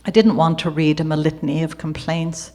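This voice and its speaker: Irish woman, low voice, memoir reading, chatty storytelling asides. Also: steady tone, fairly quick. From Ireland. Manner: warm conversational asides with occasional laughter. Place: gallery event before an audience.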